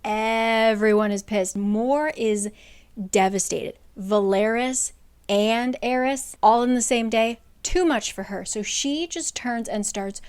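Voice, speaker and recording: A woman's voice: on the high side, slow, darkish tone, clean tone. A woman giving a casual, chatty book recap with a sarcastic edge.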